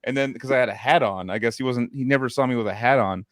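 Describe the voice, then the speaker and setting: A man's voice: mid-range voice, quick pace, fairly bright tone, no room sound, clean studio sound. A man hosting a podcast, telling rambling stories in casual chat with lots of cursing and fillers. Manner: rambling storytelling, heavy cursing, many fillers. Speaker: podcast host.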